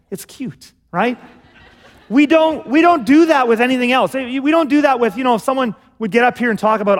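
High-voiced animated preacher in a hall. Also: male voice. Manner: animated, conversational preaching with acted asides. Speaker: pastor. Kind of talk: sermon. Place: church sanctuary.

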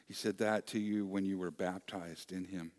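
A man preaching a sermon as pastor, earnest and repetitive, moving between soft near-whispers and loud emphasis. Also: deep voice, steady tone, normal speed.

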